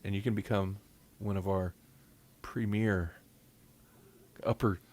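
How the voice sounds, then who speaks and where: A man's voice: on the low side, fairly even intonation, slow pace, darkish tone. A man hosting a podcast in casual chat, rambling, correcting himself and joking. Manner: rambling, self-correcting, jokey. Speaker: podcast host.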